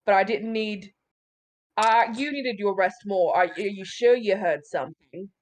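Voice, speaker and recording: A woman's voice: medium pitch, unhurried, lightly acted. A woman voicing a patient, weary male giant who scolds and comforts his friend in a tabletop game. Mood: exasperated. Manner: exasperated but comforting.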